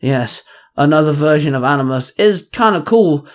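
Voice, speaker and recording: A man's voice: fairly high pitch, animated, moderate pace, close to an everyday voice. A man voicing an easily spooked young male ranger in a fan fiction reading. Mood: uneasy. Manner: nervous, shuddering. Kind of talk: fan fiction read aloud.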